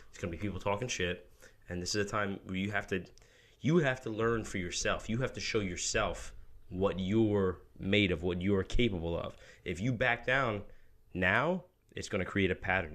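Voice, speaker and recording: Man, deep voice, earnest casual talk, guest on a podcast. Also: a bit bright. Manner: earnest, measured, with casual swearing. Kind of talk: casual chat.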